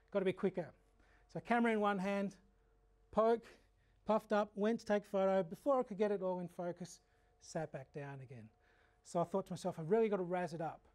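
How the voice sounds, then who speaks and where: An Australian man giving a frog identification workshop, telling lively, humorous stories and explaining frog behaviour. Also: sits high. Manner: animated anecdotal storytelling. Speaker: frog educator. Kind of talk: workshop lecture.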